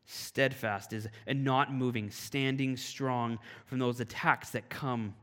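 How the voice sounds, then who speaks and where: A man from Canada giving a sermon, telling a personal story in a lively, animated way. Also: mid-range voice, slow. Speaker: pastor. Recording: long hall reverb.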